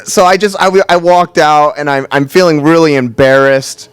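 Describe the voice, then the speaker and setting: A comedian telling a casual first-person story on stage, talking quickly and leaning on "like". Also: male voice, a little high, clean tone, no echo. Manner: casual, quick and chatty, leans on "like". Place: storytelling event stage before a crowd.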